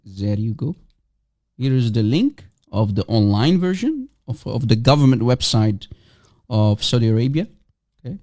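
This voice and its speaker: A man's voice: mid-range voice, big pitch swings, normal speed, mellow. A man hosting a casual livestream, mocking and provocative, teasing and repeating himself as he calls for guests. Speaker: livestream host.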